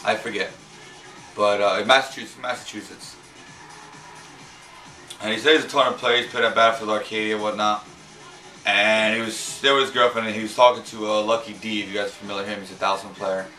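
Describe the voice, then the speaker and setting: A man's voice: on the low side, little pitch movement, quick pace, bright, forceful tone. Guy rambling about his tourney weekend, keeps restarting words, kinda far off the mic, echoey room, faint music. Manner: hesitant, repeats words, swears casually. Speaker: fighting-game player recapping a tournament. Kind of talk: casual rambling recap.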